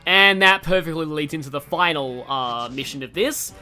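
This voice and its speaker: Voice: medium pitch, moderate pace, pushed and bright, soft background music. A let's player giving casual, rambling gameplay commentary full of digressions.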